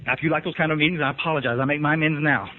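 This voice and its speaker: A man's voice: a little high, steady tone, racing, background noise. A man telling his recovery story in a folksy, emphatic way, often asking the room if they follow. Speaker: recovery speaker. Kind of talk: recovery meeting talk. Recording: tinny lo-fi archive tape.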